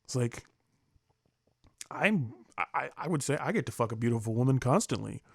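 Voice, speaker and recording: A man's voice: mid-range voice, lively intonation, moderate pace, vocal fry, husky, dry recording, clean studio sound. A young man commenting casually on clips, rambling and profane, laughing often and slipping into mocking voices. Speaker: commentary vlogger reacting to clips.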